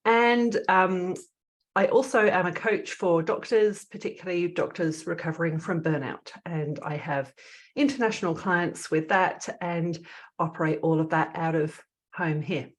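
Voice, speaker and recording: A British woman with an Australian twang and a slightly low voice talks as a podcast guest. She tells her story in a friendly, conversational way. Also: measured pace. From United Kingdom. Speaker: podcast guest, physician and coach. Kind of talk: casual interview.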